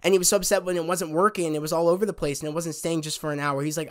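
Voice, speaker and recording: A man's voice: fairly high pitch, fairly even intonation, fast, few pauses. A man casually reviewing a TV episode, retelling scenes in a rambling, heartfelt way. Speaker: TV show reviewer.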